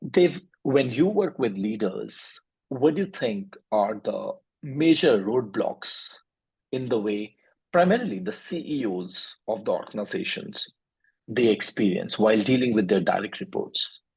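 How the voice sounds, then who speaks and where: Guy hosting a podcast, super slow and deliberate, gravelly raspy low voice. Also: lively intonation, a little mellow, rough recording. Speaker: podcast host. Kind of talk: interview questions.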